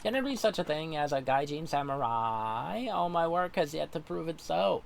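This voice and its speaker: A man's voice: sing-song, moderate pace, creaky, slight background noise. A man voicing an earnest young foreign samurai in a formal, solemn manner, read aloud from a game. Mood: troubled. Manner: formal, solemn, high and strained.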